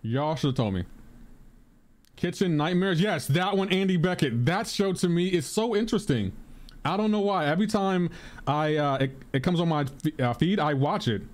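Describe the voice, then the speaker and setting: Rambling streamer man, slightly high voice. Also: animated, normal speed. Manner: rambling, repeats himself, answers chat aloud. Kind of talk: casual live-stream chat while gaming.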